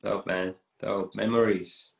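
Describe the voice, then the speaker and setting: A man's voice: fairly low pitch, flat delivery, takes it slowly, vocal fry. A man hosting a casual interview, laid back and reacting briefly before asking questions. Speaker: interviewer host.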